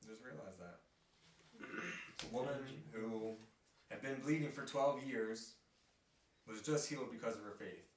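A man leading a casual Bible discussion, reading scripture aloud with emphasis and getting excited. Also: medium pitch, measured pace, pauses often. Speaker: podcast host leading Bible study. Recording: echoey room from a distance with light noise.

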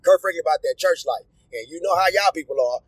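A middle-aged man in a casual, animated, profane rant, speaking to his audience and breaking into loud outbursts. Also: on the high side, fast, husky, no room sound, low-quality recording. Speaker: commentator.

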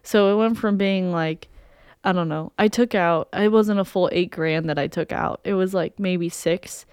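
A woman's voice: on the low side, moderate pace, darkish tone, clear, resonant tone, dry recording, clean studio sound. A young woman co-hosting a podcast, telling a story in casual chat and acting out what people said. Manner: chatty storyteller, acts out quotes. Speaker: podcast co-host.

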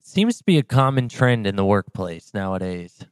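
Male podcast host, low and smooth, dry close sound, laid-back and profane. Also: sing-song, moderate pace, no echo. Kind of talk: casual podcast chat.

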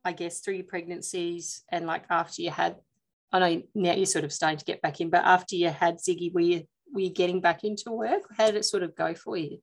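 A woman's voice: fairly low pitch, fairly even intonation, a little fast. Chatty woman host. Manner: friendly, warmly chatty interviewer. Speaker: podcast host. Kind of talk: casual interview chat.

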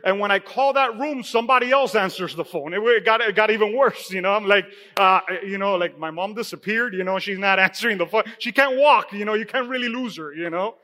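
A man with a high, bright, ringing voice preaches to his congregation. He tells a personal story in a loose, conversational way, dotted with "you know." His voice trails off into a long church-hall echo. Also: fairly quick, few pauses. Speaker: pastor. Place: church sanctuary.

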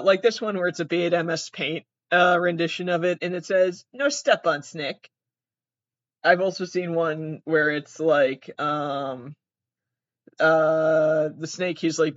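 Here a young comedian vlogger with a medium-pitched voice rambles casually, dropping swear words freely and giggling frequently. The built-in device mic, with no external mic involved, produces a dry, dull, lo-fi recording without echo.

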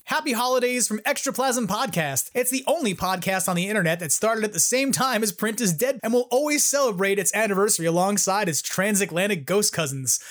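A man's voice: high voice, expressive, brisk, hardly any pauses, fairly bright tone. A man delivering an upbeat recorded holiday greeting as a guest podcast host, with a few hesitations.

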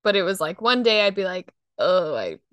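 A young woman co-hosting a podcast, telling stories in a casual, giggly, animated way. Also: medium pitch, quick pace, dry recording. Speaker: podcast co-host. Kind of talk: casual chat.

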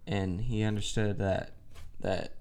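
A man's voice: fairly low pitch, flat delivery, slow pace, a little mellow. A man co-hosting a casual faith podcast, talking earnestly and reading scripture aloud. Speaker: podcast co-host.

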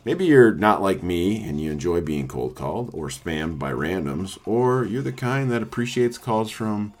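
A man's voice: low voice, big pitch swings, measured pace, darkish tone. A man in his thirties, a salesperson, reading a humorous personal essay aloud in a wry, self-mocking way. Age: 30s. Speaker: salesperson and blogger.

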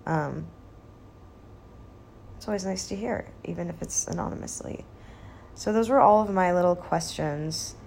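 A woman in her twenties chatting casually as a vlogger, stoned and laid-back, with vocal fry in a rambling, quiet delivery. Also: lowish voice, a little slow, pauses often, a little hiss or hum. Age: 20s. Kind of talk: casual chat.

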